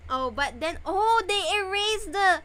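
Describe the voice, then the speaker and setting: A woman's voice: very high voice, lively intonation, measured pace, sharp tone. A young woman chatting casually on a live stream, often breaking into helpless fits of laughter.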